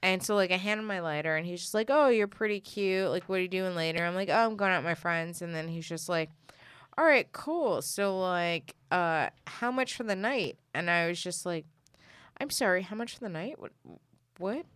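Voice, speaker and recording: A woman's voice: fairly low pitch, a little fast, clean tone, no room sound. A young woman from the Bronx, telling a story in casual chat and acting out what other people said. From New York, the Bronx. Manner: animated storyteller, acts out other people's lines, swears freely.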